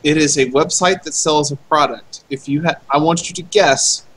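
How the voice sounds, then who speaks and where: A man co-hosting a game stream in casual chat, with dry, deadpan jokes. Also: a little high, moderate pace. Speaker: co-host.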